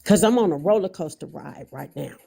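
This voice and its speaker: Black woman, angry and blunt on a live, raspy low-grit voice. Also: animated, fairly quick, dark tone. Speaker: guest mother on a livestream. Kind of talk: heated livestream talk.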